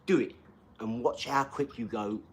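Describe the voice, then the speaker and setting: A man's voice: medium pitch, moderate pace. A man in his forties hosting a livestream, chatting casually and rambling, often asking "do you know what I mean.". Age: 40s. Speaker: livestream host. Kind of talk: casual chat, reading out viewer comments.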